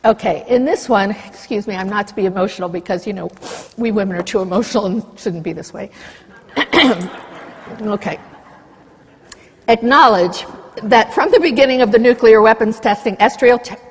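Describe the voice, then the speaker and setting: A woman giving a public talk, passionate and indignant, reading passages from papers between her own remarks. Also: medium pitch. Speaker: speaker. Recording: reverberant hall.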